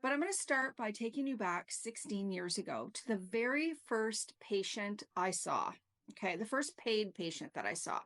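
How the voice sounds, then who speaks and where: A woman's voice: medium pitch, lively intonation, moderate pace, fairly bright tone. A middle-aged woman reflexologist telling a story and explaining her practice in a chatty, casual way, often saying "like" and "okay?". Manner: chatty, peppers talk with "like" and "okay?". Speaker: reflexologist and yoga teacher.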